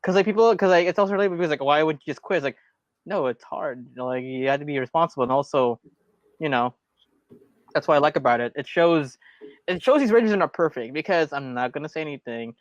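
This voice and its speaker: A man co-hosting a casual podcast, voice a touch high, rambling with frequent restarts. The sound is dull and lo-fi, close and completely dry. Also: expressive, fast, dry recording. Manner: rambling, restarts often, many fillers. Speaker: podcast co-host. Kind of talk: casual show review chat.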